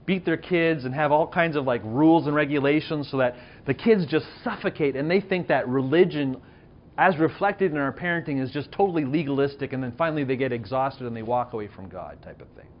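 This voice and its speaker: A man's voice: fairly high pitch, highs cut off, a little hiss or hum. A man in his thirties who pastors a church, telling a personal story in a conversational, self-deprecating sermon and asking the audience questions.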